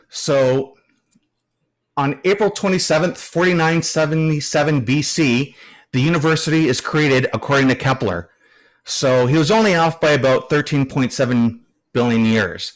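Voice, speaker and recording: A man's voice: a little high, normal speed. A man presenting at an astronomy club meeting, reading through notes with frequent fillers and a few dry joking asides. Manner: hesitant, many fillers.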